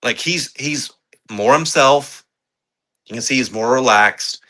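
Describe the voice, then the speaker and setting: A man co-hosting a podcast, reviewing movies in casual, excitable chat, swearing freely and rambling with fillers. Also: medium pitch, takes it slowly. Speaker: podcast co-host.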